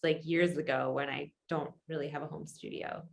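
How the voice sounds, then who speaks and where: Female guest, frank and rambling in casual talk, lowish pitch. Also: fairly even intonation, moderate pace, creaky, slight background noise. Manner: candid, rambling, thoughtful. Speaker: yoga teacher and musician guest. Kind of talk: casual interview chat.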